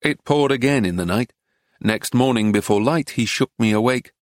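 A man reading a book aloud in measured, even storytelling narration into a close studio mic. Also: medium pitch, dry recording. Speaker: audiobook narrator. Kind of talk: scripted narration.

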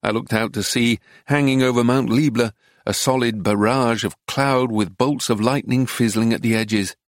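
An audiobook narrator reads a book aloud in measured, even storytelling tones. His voice is mid-range, and the scripted narration is recorded dry on a close studio mic.

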